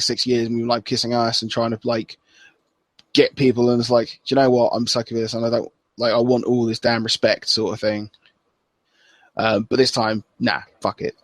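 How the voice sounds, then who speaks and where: Level in tone and mid-range, this podcast co-host talks at a moderate pace and pauses often, with no room sound. The chat is casual and loose, punctuated by his laughing impressions of wrestlers' lines.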